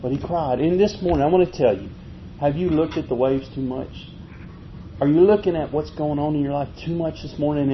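Male preacher, folksy animated sermon, high voice, muffled lo-fi sound with faint hiss. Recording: muffled, low-fi with faint noise.

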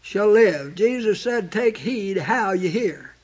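A man with a very high voice preaching at a slow, deliberate pace. He leans hard on key words when he quotes scripture, and the sound is dull and lo-fi. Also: animated, husky. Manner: emphatic, drawn-out scripture quoting. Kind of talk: sermon. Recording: dull lo-fi recording.

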